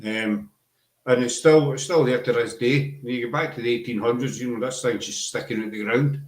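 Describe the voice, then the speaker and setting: A man's voice: medium pitch, fairly quick. Rambling Scottish man hosting a chat. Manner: rambling, self-deprecating, restarts often. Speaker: podcast host. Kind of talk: casual chat. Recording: echoey room.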